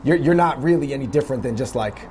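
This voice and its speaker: A man's voice: mid-range voice, fast talker, mellow, a little hiss or hum. Rambling young man chatting in a dessert shop. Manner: rambling, lots of fillers and restarts. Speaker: web video host. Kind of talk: casual interview chat.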